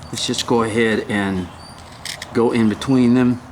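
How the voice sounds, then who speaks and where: An older man giving a casual woodcarving demonstration, talking haltingly, often clearing his throat and apologizing. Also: mid-range voice, fairly even intonation, a little hiss or hum. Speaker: woodcarving instructor.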